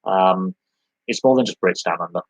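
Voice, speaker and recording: A man's voice: low-pitched, moderate pace, dry recording, low-quality recording. A man hosting a live sports podcast Q&A, talking in a rambling, conversational way with many restarts and long lists. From United Kingdom.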